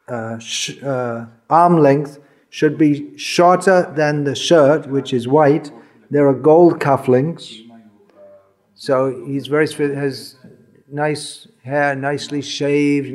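Man, spiritual teacher, informal lecture, slow pace, wry humor, conversational. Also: fairly high pitch, darkish tone. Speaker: spiritual teacher giving a talk.

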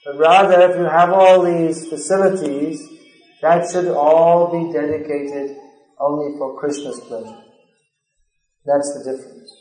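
Earnest, higher-voiced man lecturing in an echoey room. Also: steady tone, a little slow, a little mellow. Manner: earnest, builds to emphatic stress; recites verses in a chanting cadence. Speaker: spiritual lecturer. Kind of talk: scripture class lecture.

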